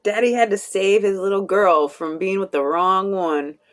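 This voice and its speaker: A woman's voice: mid-range voice, fairly even intonation. A woman giving a casual live tarot reading, chatty and laughing often, with casual swearing. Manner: slow, drawn-out delivery. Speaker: tarot reader.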